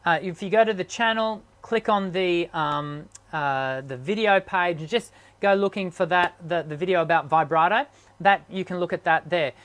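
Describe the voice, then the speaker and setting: Hoarse sick man, halting. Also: high-pitched, a bit bright. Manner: halting, full of ums and restarts. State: sick, strained voice. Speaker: singing teacher and host. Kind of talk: live online hangout chat.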